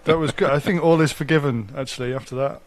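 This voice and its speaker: A man co-hosting a live race stream, dry and relaxed, passing on viewer requests. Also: on the high side, quick pace, no room sound. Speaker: co-commentator. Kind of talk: live sports commentary banter.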